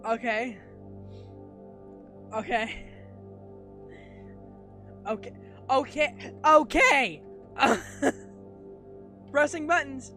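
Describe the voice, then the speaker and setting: A woman streams a horror game, her unhurried talk breaking into panicked pleading and screams. She laughs at her own fright between begging lines. Game music plays loudly behind her. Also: sits high. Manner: panicky, screams and laughs, repeats pleas over and over. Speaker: gamer. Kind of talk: let's play commentary.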